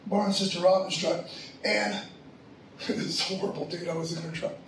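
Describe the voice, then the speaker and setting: High-voiced casual preacher in an echoey room. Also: male voice, steady tone, moderate pace, recorded from a distance, a little hiss or hum. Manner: casual storytelling, slangy. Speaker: pastor. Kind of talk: sermon.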